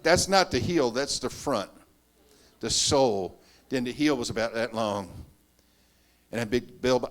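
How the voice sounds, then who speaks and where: A middle-aged man preaching in a church, telling his life story with animated, self-mocking humor. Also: mid-range voice. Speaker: preacher giving a testimony. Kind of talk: storytelling sermon.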